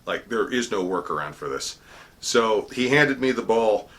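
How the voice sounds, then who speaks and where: Man, middle-aged, low-pitched, bright forceful tone, casual storytelling, chatty fillers. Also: expressive, moderate pace. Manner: chatty, self-deprecating, with fillers and restarts; booming formal proclamation when quoting court cries. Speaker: court herald.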